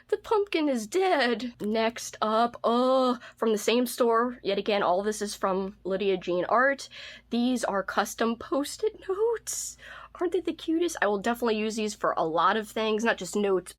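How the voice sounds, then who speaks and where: A woman's voice: a little high, animated, unhurried. A woman book vlogger chatting casually through a haul video, bubbly and gushing over cute things with a self-mocking streak.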